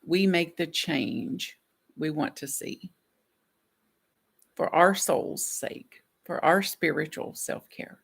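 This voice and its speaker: A middle-aged woman preaches a gentle, reflective sermon. Her voice sits a little low and carries a gravelly rasp. She talks softly and laughs now and then. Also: slow. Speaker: minister.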